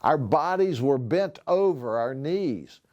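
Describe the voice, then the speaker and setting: A man's voice: a little high, slow pace, highs cut off. A sheriff, a man, reading a novel aloud expressively to schoolchildren. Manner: expressive storytelling.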